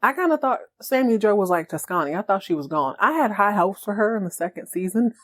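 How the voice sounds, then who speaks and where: A woman hosting a podcast who recaps a TV episode in a comedic, animated way and laughs often. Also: medium pitch, a little fast. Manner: animated, joking, laughs a lot. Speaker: podcast host.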